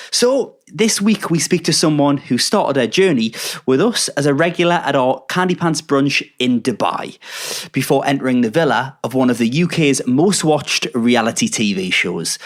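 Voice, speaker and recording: A man in his thirties hosts a relaxed podcast chat, poking fun at himself as he goes. His pitch rises and falls a lot, which keeps his delivery animated. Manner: self-deprecating, chatty. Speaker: podcast host. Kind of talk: casual interview chat.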